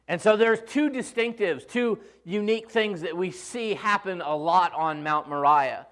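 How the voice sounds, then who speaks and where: A high-voiced man preaching in church. He talks in a relaxed, conversational way and slips in humor as he retells a story. His delivery often slows for emphasis. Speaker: pastor. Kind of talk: sermon.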